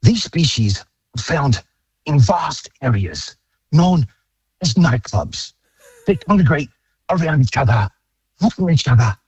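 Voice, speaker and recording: A man's voice: mid-range voice, darkish tone, breathy edge, dry recording, exaggerated voice. A male caller putting on the voice of a nature documentary narrator. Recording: dull phone line.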